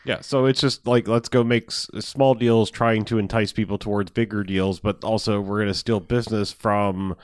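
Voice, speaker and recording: A man's voice: on the low side, fairly even intonation, moderate pace, few pauses, no echo, studio quality. A man casually recapping a movie plot, loose and profane, laughing as he retells scenes. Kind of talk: casual movie review chat.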